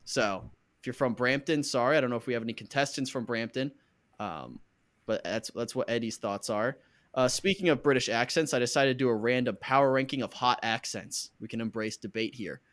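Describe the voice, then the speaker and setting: A man's voice: medium pitch, fairly quick, fairly bright tone. A man hosting a podcast in casual chat, joking and rambling with fillers. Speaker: podcast host.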